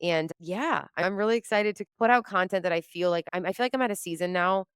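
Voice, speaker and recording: A woman guest on a podcast telling a story in casual chat, animated and laughing often as she acts out her own quotes. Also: on the low side, fast talker, clean tone, dry recording, clean studio sound. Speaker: podcast guest, comedian and entrepreneur.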